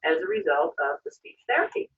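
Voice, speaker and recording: A woman's voice: lowish voice, very animated, fast talker, husky. Woman therapist on a thin distant recording. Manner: gentle prompting questions. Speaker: speech therapist. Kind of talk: clinical interview. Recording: thin phone-like sound from far off.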